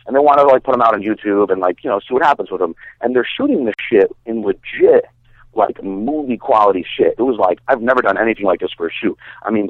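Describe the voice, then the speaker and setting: A man's voice: mid-range voice, no echo. A man, a bodybuilder guest, telling a story in a casual, rambling way, full of fillers and swearing. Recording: dry, tinny phone-like sound.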